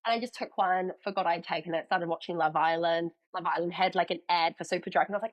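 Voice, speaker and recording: A young woman with a New Zealand accent chats as a podcast guest, her voice sitting a little low for a woman. She tells her story in an animated way and jumps into the voices of people she quotes. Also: quick pace, few pauses, highs cut off. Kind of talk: casual chat.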